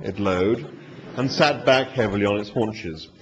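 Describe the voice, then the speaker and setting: A man reading comic fiction aloud live in a dry, wry, animated manner. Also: on the low side, a little slow, noisy background. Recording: dull lo-fi live recording.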